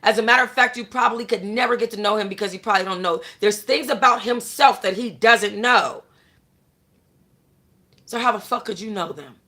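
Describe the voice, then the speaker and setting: A woman's voice: medium pitch, brisk, bright, forceful tone. Blunt, profane woman lecturing her viewers. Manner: blunt, profane, lecturing, repeats "you know what I'm saying"; talks straight to the audience, answers chat. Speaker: host. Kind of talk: casual chat to viewers.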